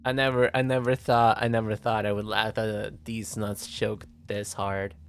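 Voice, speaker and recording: A man's voice: lowish voice, little pitch movement, normal speed, slight background noise. A male VTuber streamer, not a native English speaker, chatting casually in a giggly, stammering way that repeats words. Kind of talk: casual livestream chat.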